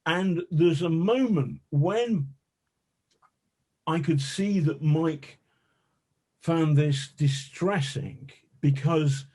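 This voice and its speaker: A man with a warm, mellow, slightly husky voice tells a story from his reporting days. He talks in a lively, self-mocking way and swears freely. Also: a little high, extremely slow, pauses often. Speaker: journalist telling an anecdote as a podcast guest. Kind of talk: anecdotal storytelling.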